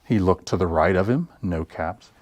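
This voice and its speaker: A children's librarian reading picture books aloud at story time, slow and expressive. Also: male voice, sits low, dry recording. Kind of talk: picture-book read-aloud.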